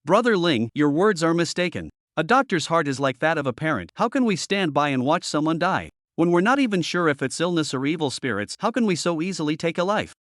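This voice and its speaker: A slick young doctor with a scheming streak, voiced by a man, speaking with put-on gentle concern and a lively, rising and falling pitch. The storybook read is close and dry, with no room sound at all. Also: a little fast, hardly any pauses, dry recording. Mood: earnestly righteous. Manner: feigned righteous concern.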